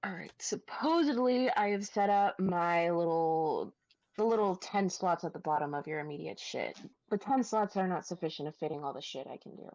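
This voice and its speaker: A woman's voice: on the low side, moderate pace, no room sound, muffled recording. A woman playing in an online tabletop game, chatting casually, laughing a lot and swearing freely. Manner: giggly, excitable, swears freely. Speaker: player.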